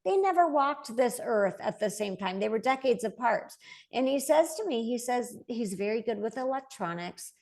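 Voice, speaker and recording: A woman's voice: a little high, normal speed. A woman in her forties, a medium and interview guest, telling stories conversationally and acting out the voices of the people in them. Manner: animated, quotes voices as she tells stories, laughs lightly. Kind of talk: conversational storytelling.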